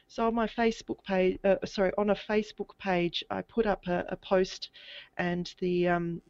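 A woman telling a personal story in a halting, hesitant way, with many restarts. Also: medium pitch, little pitch movement, darkish tone, clean tone, dry recording, highs cut off. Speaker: guest. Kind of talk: casual recounting of a personal experience.

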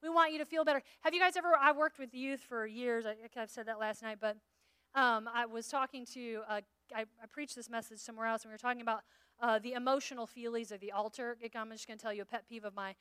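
A woman preaching at a conference, animated and playful, with acted-out asides to the room. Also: fairly high pitch, fast, clean tone, no echo, clean studio sound. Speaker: conference speaker. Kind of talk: sermon.

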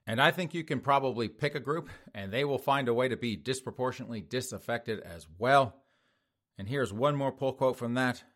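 A man's voice: mid-range voice, a little fast, a bit bright. A middle-aged man hosting a talk show, reading news items and mocking them in a sarcastic commentary style. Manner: mocking, sarcastic, laughs at own jokes. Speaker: podcast host.

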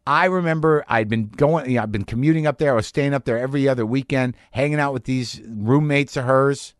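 A man's voice: mid-range voice, fairly quick, dry recording, clean studio sound. A man hosting a podcast, telling a long personal story in a wry, rambling, self-mocking way, then chatting with his guest. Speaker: podcast host. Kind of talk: conversational storytelling monologue.

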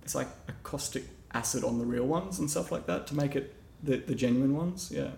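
A man's voice: medium pitch, a little fast, creaky, a little mellow, reverberant, a little hiss or hum. An Australian man, a knife maker, chatting casually on a podcast and rambling with many self-deprecating restarts.

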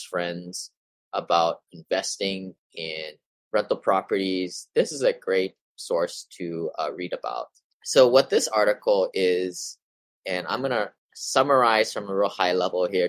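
Low-voiced guy reading housing articles and riffing on them, dry close sound. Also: no echo, low-quality recording. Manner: reads passages then adds offhand opinions, some stumbles. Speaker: real estate investing podcast host. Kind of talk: casual explainer reading and commenting on articles.

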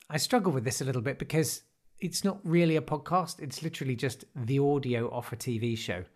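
A man in his forties tells stories in a loose, rambling way on a podcast. His voice sits in an ordinary middle pitch, and his delivery is casual and self-deprecating, full of dry throwaway jokes. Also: a little mellow. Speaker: podcast guest. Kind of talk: casual interview storytelling.

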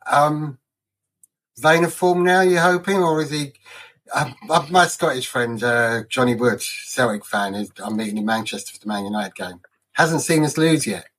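A man's voice: medium pitch, normal speed, fairly bright tone. A man co-hosting a casual football podcast, chatty and fond of telling anecdotes. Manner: chatty storyteller, laughs at his own anecdotes. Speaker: podcast co-host.

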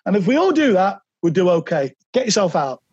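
A man, a podcast guest telling animated anecdotes and slipping into quoted voices. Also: sits high, fairly quick, muffled recording. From England. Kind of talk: anecdotal interview storytelling.

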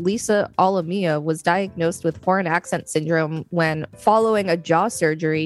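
Low-voiced woman reading steadily. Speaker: podcast co-host. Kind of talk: casual podcast reading and chat.

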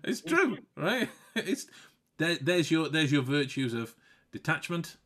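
A man's voice: on the high side, animated, unhurried, a bit bright. A man hosting a casual podcast chat, often restarting and repeating words and breaking into laughs. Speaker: podcast host.

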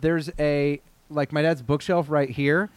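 An American man in casual podcast chat, talking haltingly with many restarts and fillers. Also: on the high side, fairly even intonation, clean tone, dry recording.

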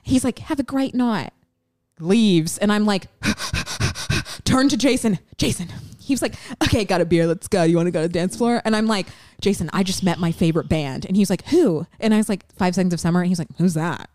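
A young adult woman co-hosting a podcast, telling a story with lively, excited delivery and acting out the quotes. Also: on the low side, no echo, clean studio sound. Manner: fast, excited, acts out quotes. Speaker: podcast co-host. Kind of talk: animated storytelling.

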